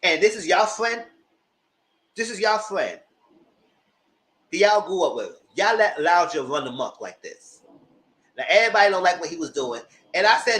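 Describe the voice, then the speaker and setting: A man's voice: fairly high pitch, expressive, normal speed, a bit bright. A man giving a casual live review of a reality TV show, retelling scenes with exasperation and cursing.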